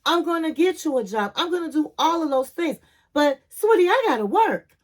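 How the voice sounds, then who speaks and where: A woman from Chicago quoting an adult man in her recap, calm and firm as he sets boundaries. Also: high voice, moderate pace, voice pushed up.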